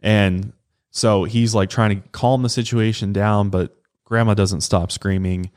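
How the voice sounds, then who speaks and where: A man with a notably deep, low voice talks through a true crime story in a relaxed, casual podcast manner. He tells it conversationally and keeps the flow going like he is chatting with a friend. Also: measured pace. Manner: casual, conversational retelling with acted quotes. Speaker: podcast co-host.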